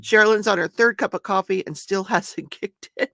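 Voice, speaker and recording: A woman's voice: medium pitch, normal speed, sharp tone, no echo, clean studio sound. An older woman hosting a casual home livestream, chatting and laughing as she greets viewers by name. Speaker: livestream host.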